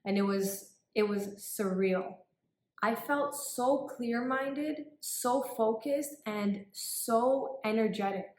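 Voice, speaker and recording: A woman's voice: fairly high pitch, slow pace, roomy sound. A woman casually telling a personal story in a vlog, chatty with lots of filler words. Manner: chatty, many "like" and "um" fillers, animated retelling. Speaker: vlogger.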